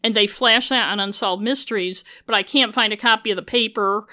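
A woman's voice: medium pitch, a little fast, sharp tone. A woman and former journalist hosting a true-crime podcast, narrating casually with sarcastic asides and frequent swearing. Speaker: podcast host.

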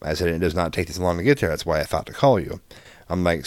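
A man's voice: low voice, fast, no room sound. A man casually telling a story about his child, acting out the dialogue and swearing freely. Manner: animated, acts out both sides of dialogue, swears freely.

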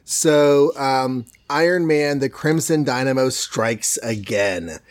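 A man co-hosting a podcast, chatting casually and retelling a comic story with laughs and quick asides. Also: mid-range voice. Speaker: podcast co-host.

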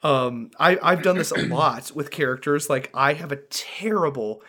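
A man's voice: fairly high pitch, moderate pace, bright, forceful tone. A man co-hosting a casual podcast, rambling with lots of fillers and laughing as he talks about running tabletop games. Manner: rambling, filler-heavy, laughs while talking. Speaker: podcast co-host and dungeon master.

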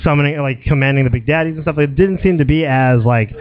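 A man's voice: fairly high pitch, fast talker. A man co-hosting a casual gaming chat, joking and acting out quoted reactions. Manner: jokey, acts out quoted reactions. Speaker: podcast co-host. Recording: lo-fi audio.

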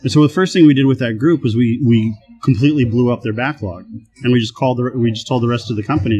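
A man's voice: mid-range voice, fast, husky, dull audio. A man talking as a guest in a casual interview, telling work stories with a laugh now and then and acting out other people's lines. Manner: animated, laughs often, acts out quoted voices. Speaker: guest, software team manager. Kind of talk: casual conversational storytelling.

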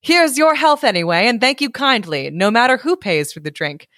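A woman's voice: a little high, lively intonation, moderate pace, a bit bright, no echo, clean studio sound, pitched above the performer's own voice. A woman voicing a brash, cheerful young male drinker while reading a storybook aloud. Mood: bold. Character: cocky young Irish drinker, a bold man.

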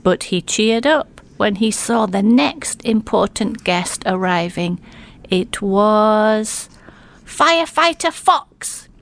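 A woman reading a children's picture book aloud, expressive and gentle. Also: medium pitch, takes it slowly, creaky. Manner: expressive, with gasps. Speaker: storyteller.

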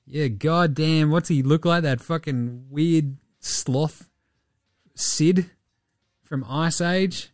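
A man's voice: on the high side, extremely slow, no echo, studio quality. Sweary Australian man ranting about sport. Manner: profane, animated, laughing. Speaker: podcast host. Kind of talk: sweary casual sports talk.

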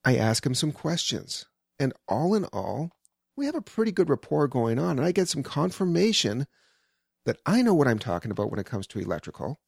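A man's voice: mid-range voice, big pitch swings, fairly quick, vocal fry, darkish tone, slightly rough, no echo. Brief: male storyteller, wry and conversational, mid-range voice, dry close sound. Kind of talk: personal anecdote storytelling.

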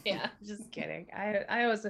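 A woman's voice: mid-range voice, normal speed, gravelly, fairly bright tone, slight background noise. A middle-aged woman on a podcast panel, sounding just woken up, laughing at herself. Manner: drowsy, laughing, self-mocking. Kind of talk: casual chat.

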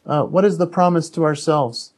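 In a podcast interview, an earnest, candid author and speaker shares a personal story, restarting his sentences frequently. He has a higher voice, a little mellow, at normal speed.

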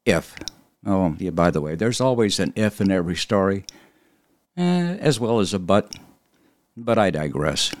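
Male podcast commentator, deep and animated, emphatic opinion monologue. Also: measured pace, long pauses, no echo, studio quality. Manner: emphatic, with sudden high-pitched jumps. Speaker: podcast host.

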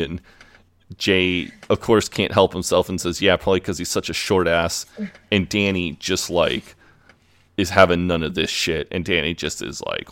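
A man's voice: low voice, fairly even intonation, normal speed, a bit bright, clear, resonant tone. A man co-hosting a podcast, recapping an episode in an easygoing, eager way. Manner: easygoing, eager, fond of the show. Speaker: podcast co-host.

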